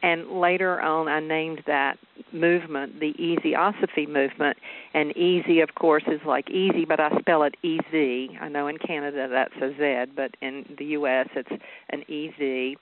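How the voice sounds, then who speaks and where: Southern lady guest speaker, smooth highish voice, chatty, over a tinny phone line. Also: normal speed. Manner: chatty and expressive, laughs often. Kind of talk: phone interview.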